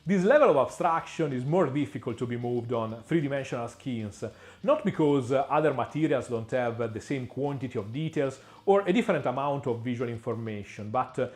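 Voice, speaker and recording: A man giving a scripted painting tutorial, measured and explanatory, with frequent small pauses and the odd dry aside. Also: medium pitch, expressive, a little mellow.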